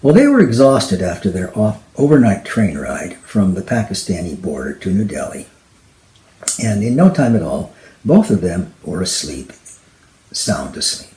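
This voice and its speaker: A man telling an original travel story to an audience, voicing the characters as he goes. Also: low-pitched. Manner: slow, lively, voicing characters. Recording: echoey room.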